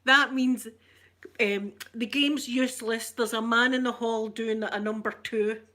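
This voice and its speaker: A woman's voice: on the high side, steady tone, a little slow, pushed and bright. A middle-aged woman with a Glaswegian Scottish accent, chatting casually with her live stream viewers, greeting them by name and laughing often. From Scotland.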